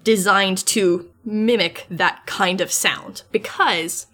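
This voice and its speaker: A woman's voice: mid-range voice, fairly even intonation, takes it slowly, bright, forceful tone. Woman podcast co-host, casual, chatty, laughs easily. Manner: chatty, lots of "like" fillers, laughs often. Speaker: amateur folklorist. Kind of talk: casual chat.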